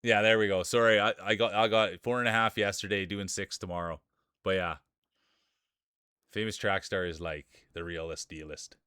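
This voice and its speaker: A man's voice: sits low, fairly even intonation, moderate pace, sharp tone, clear, resonant tone, no room sound, studio quality. A man hosting a live stream, calling marble races like a hype announcer and greeting his viewers. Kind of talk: live-stream race commentary.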